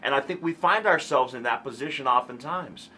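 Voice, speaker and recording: Earnest, bright-toned man telling his story. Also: medium pitch, fairly quick, a little hiss or hum. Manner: earnest, many restarts, rises into animated emphasis. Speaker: talk show guest.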